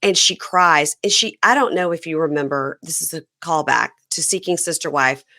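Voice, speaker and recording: A woman with a fairly low but bright, forceful voice hosts a podcast and recaps a reality show in a casual, animated way. She tells it like a story, full of laughter. The sound is close and dry. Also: normal speed, no echo. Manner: animated storyteller who acts out quoted people; laughs often. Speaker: podcast host.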